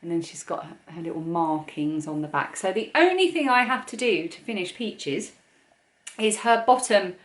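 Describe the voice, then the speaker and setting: A woman's voice: mid-range voice, very animated, normal speed. A woman in her forties with an English accent, chatting casually on her craft podcast and gushing over the toys she makes. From England. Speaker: podcast host. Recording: echoey room.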